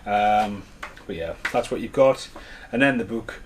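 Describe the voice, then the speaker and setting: A man's voice: lowish voice, a little slow, noisy background. A man giving a casual, rambling unboxing chat at home as a collector vlogger, with enthusiastic asides.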